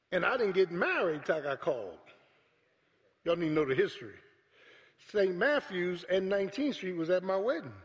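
A pastor preaching a sermon to his congregation, calling out to them and building up to shouts. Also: high-pitched. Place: church sanctuary. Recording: echoey church hall.

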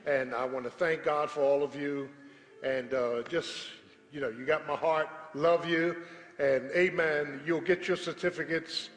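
A man's voice: fairly high pitch, steady tone, a little slow. A pastor addressing his congregation in a service, exhorting with call-and-response. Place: large church sanctuary. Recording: echoey church hall with congregation.

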